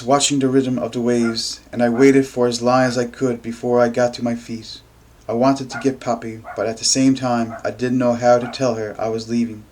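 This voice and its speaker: A man reading a novel aloud in first person, with steady, even delivery. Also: medium pitch. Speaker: amateur reader.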